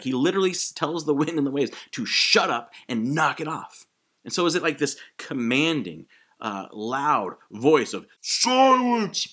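A man preaching a sermon in a casual, animated way, acting out quick quotes as he goes. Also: medium pitch, slightly rough. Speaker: pastor.

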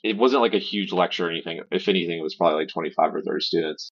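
A man with a low voice tells a meandering anecdote on a podcast, swearing casually and stumbling over fillers. His voice comes over a remote call and sounds dull and lo-fi. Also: rapid-fire. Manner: rambling storyteller with swearing and fillers. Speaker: podcast co-host. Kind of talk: casual chat.

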